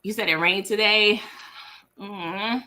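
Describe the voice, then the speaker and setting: Eating dinner on a casual livestream, the host, an East Coast woman with a matching accent, talks and laughs with viewers through a laptop mic while chewing. She has a steady, sharp mid-range voice, takes her time, and there's a slight hiss or hum.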